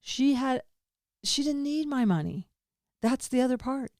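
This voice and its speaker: In studio-quality audio with no room sound, a woman hosting a podcast tells a personal story. Her high voice is expressive and darkish, her pace measured, and her candid, rambling monologue veers between laughter and grief with casual swearing.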